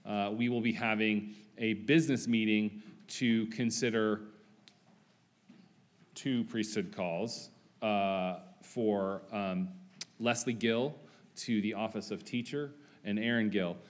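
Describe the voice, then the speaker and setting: A man with a fairly low voice reads announcements to a church congregation. He speaks in a halting way, often pausing on fillers and restarting his sentences. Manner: hesitant, with many fillers and restarts. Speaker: church member giving announcements. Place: church sanctuary.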